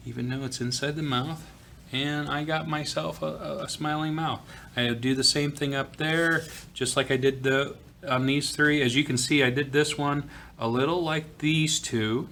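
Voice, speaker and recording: A man teaching art, talking casually through a drawing tutorial from a school office, pausing with fillers as he works. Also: fairly high pitch, gravelly, slight background noise. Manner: relaxed, talks while drawing, frequent fillers.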